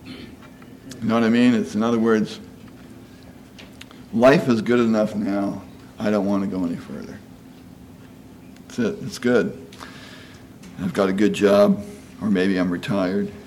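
Man, sixties, preacher, folksy conversational sermon, lower voice, faint background ambience. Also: flat delivery, measured pace, pauses often, darkish tone, a little hiss or hum. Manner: folksy, asks "you know?" often, acts out quoted voices.

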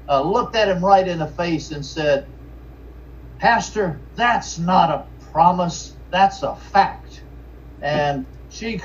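A man, a pastor from Richmond preaching an earnest sermon with halting restarts and fillers. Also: a little high, darkish tone. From Richmond, Virginia. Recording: distant, dull lo-fi mic with faint noise.

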